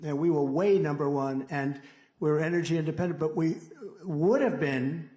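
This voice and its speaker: A man's voice: a little high, moderate pace, warm tone. Older man giving a rambling rally speech. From United States. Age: 70s. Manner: rambling, boastful, with mocking asides. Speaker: political candidate. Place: large indoor rally hall.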